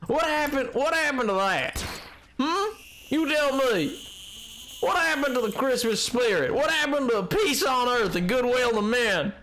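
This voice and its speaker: Young male streamer, stuffy with a cold, high and very lively pitch, exasperated banter with chat. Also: normal speed. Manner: animated, exasperated, joking with chat. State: has a cold. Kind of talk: live gameplay commentary.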